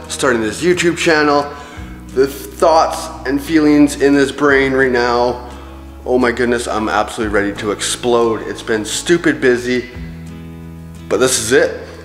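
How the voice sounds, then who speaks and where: A man chatting excitedly to the camera for his vlog, emotional and talkative, in an empty house. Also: medium pitch. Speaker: vlogger. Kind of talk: casual vlog talk to camera. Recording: echoey empty room, music behind.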